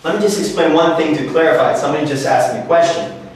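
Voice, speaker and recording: A man's voice: fairly high pitch, fast. A man teaching English in a classroom, asking the class questions and repeating example sentences. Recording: very echoey room, from far off.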